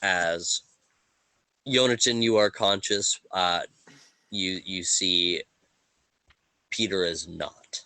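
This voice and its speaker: A man narrating a tabletop game as game master, halting with fillers and restarts. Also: low voice, fairly even intonation, sharp tone, no room sound.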